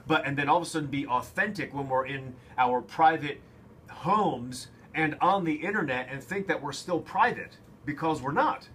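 A man hosting a radio talk show who asks guests questions and reacts in a relaxed, conversational way. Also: fairly high pitch, moderate pace, slight background noise. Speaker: radio host.

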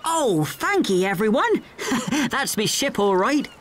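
A woman voicing a forgetful, jolly male pirate captain in a cartoon, with rough pirate talk and hearty laughs. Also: a little high, very animated, slow pace, slight background noise. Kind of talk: cartoon voice acting.

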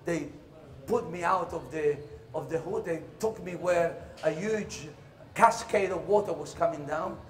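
Man, theatrical storyteller, high-pitched, expressive. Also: a little slow. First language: Italian. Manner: animated storytelling, jumps into shouted voices and laughter. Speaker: stage performer. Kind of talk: theatrical comic monologue.

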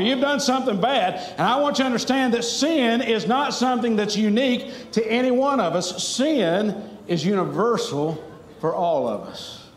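A preacher with a notably high voice delivers an earnest, pleading sermon, easing into family stories with a wry humor. His words ring around a reverberant church sanctuary.

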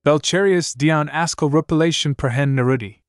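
A man's voice: on the high side, moderate pace, no echo, clean studio sound, voice pushed up, close to an everyday voice. A man voicing a proud, clever young princess who speaks in a cool, formal, commanding way. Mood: determined.

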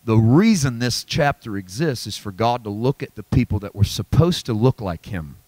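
A man preaching a sermon at a church Bible study, emphatic and folksy, dropping to low asides and climbing to high exclamations. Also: animated, moderate pace, warm tone, no echo. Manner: folksy, self-deprecating humor. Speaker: pastor.

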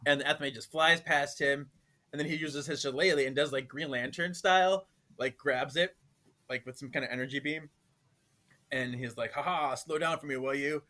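A man's voice: mid-range voice, normal speed, sharp tone. A man guesting on a podcast, retelling a comic plot in a loose, laugh-filled way. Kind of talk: casual chat, recapping a comic.

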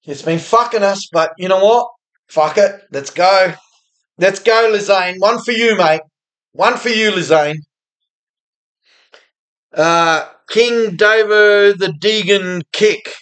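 An Australian man streaming slot games, swearing constantly and cheering loudly at the screen in casual live commentary. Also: sits high, takes it slowly. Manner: profane, excitable, cheers at the screen. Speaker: slots streamer.

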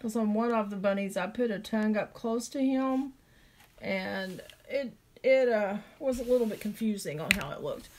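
A woman's voice: mid-range voice, normal speed, a little hiss or hum. A middle-aged woman with a Southern drawl, chatting through a craft tutorial and thinking aloud as she draws. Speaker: craft video host.

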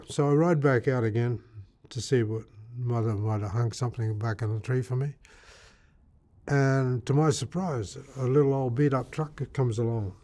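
A man's voice: medium pitch, darkish tone. An older man from Australia, an interviewee telling his life story in a rambling way, full of fillers and repeated words.

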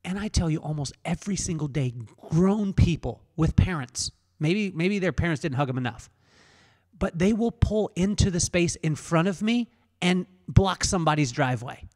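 A man hosting a podcast interview, telling stories in a loose, animated way and laughing as he talks. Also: a little high, moderate pace, big-room sound. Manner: animated storyteller, laughs while talking. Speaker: podcast host. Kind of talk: casual interview chat.

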